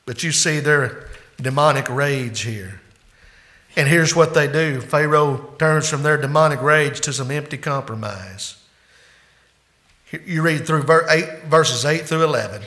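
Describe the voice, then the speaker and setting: A man preaching a sermon as pastor, swinging between loud, emphatic climaxes and quieter, hushed asides. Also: medium pitch.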